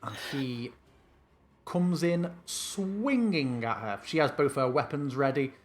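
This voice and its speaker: A man's voice: mid-range voice, animated, slow pace. A man narrating as game master of an online tabletop game, describing the action loosely with fillers.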